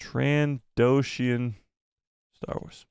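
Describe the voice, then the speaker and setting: A man hosting a casual live stream, excitable, swearing and reading the chat aloud. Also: mid-range voice, extremely slow, creaky, clear, resonant tone, no echo.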